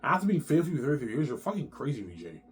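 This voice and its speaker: Rambling, profane man's low-pitched monologue. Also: sing-song, racing, slight background noise. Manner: rambling, repetitive, profane, slangy. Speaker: vlogger.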